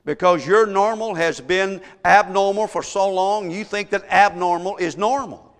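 High-voiced preacher in a reverberant church. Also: male voice, unhurried. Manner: emphatic preaching with rhetorical questions. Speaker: pastor. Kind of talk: sermon.

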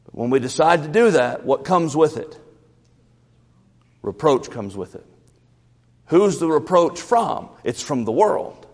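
A man preaching a sermon in a church, lively, often repeating and stumbling over his first words. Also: on the high side, unhurried, pauses often. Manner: animated, repeats words, stammers at starts. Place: church sanctuary. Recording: reverberant church hall.

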